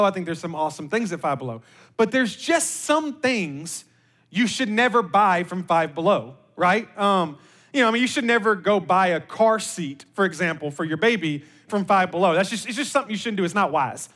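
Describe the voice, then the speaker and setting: A male pastor giving a conversational sermon, joking with the congregation and reading scripture slowly and deliberately. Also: high voice, lively intonation, a bit bright. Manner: conversational, joking, with repeated words.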